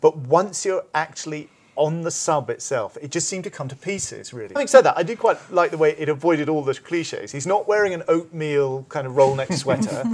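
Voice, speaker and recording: A man's voice: fairly high pitch, lively intonation, a little fast, hardly any pauses, a little mellow. Rambling, enthusiastic man critic. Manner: enthusiastic, rambling, mock-quotes lines for laughs. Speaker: film critic guest. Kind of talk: casual film review chat.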